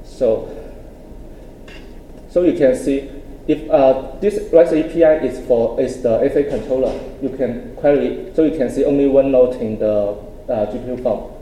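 Very dark-voiced man giving a tech talk. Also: mid-range voice, slight background noise, low-quality recording. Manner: halting, with frequent restarts and plain phrasing; explaining step by step. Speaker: conference presenter. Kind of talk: technical presentation with live demo.

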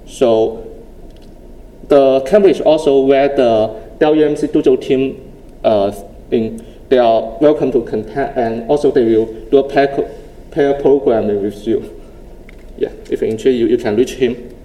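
A man giving a technical conference presentation with a live demo. He explains step by step in a halting way, often restarting his phrases. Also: medium pitch, dark tone, rough recording.

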